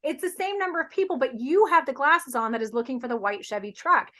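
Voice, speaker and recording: A woman's voice: high-pitched, lively intonation, fast talker, a bit bright. A woman who is a podcast guest, earnestly explaining her views with everyday examples in casual conversation.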